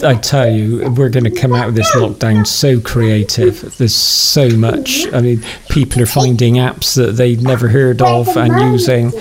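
A man's voice: mid-range voice, unhurried, hardly any pauses, over a noisy crowd. A man with a Bristol accent hosting a podcast interview from home, hesitant and restarting often. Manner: hesitant, lots of fillers and restarts. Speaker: podcast host.

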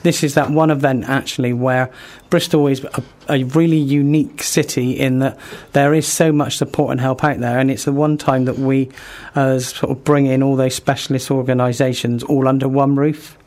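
A man being interviewed on community radio about careers support, informative and pausing with ums. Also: mid-range voice, level tone, a little mellow. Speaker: careers service guest.

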